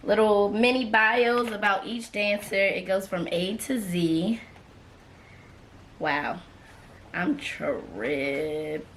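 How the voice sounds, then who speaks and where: Very slow-talking emotional young woman. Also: mid-range voice, a little hiss or hum. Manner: emotional, laughing, gasping exclamations; casual slangy talk. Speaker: author and YouTuber. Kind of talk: excited unboxing vlog.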